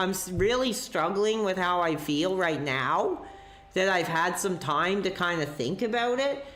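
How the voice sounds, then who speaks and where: A man's voice: high voice, pushed and bright, echoey room. A sick male streamer hosting a live call-in show, agitated and ranting. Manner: agitated, ranting, quick to curse. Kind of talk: livestream rant and call-in chat.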